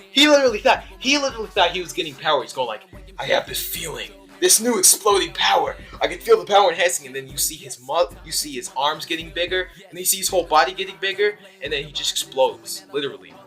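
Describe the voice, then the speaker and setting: A young man chats his way through an anime episode review, excitable and rambling, stumbling over restarts and fillers as he goes. His voice sits a little high and comes across bright and forceful. Light background music plays under the recording. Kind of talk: casual video review.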